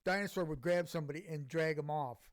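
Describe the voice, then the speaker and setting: A man with a notably high voice, trading takes on a bad movie in casual chat. He answers with dry, sardonic jokes and talks over his co-host. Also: quick pace. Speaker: podcast movie reviewer.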